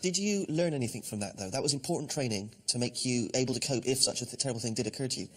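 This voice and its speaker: Dry, fast-talking English man. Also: medium pitch, a bit bright, poor audio. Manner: dry, mock-serious. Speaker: co-host. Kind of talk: casual interview questions.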